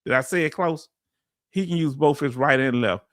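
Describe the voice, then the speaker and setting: With a Southern US accent, this man hosts a casual livestream, talking in a loose, chatty way as he explains things and reads viewer comments. He's from the Southern United States, speaks at normal speed in a somewhat bright voice on the high side, and the clean studio sound has no echo.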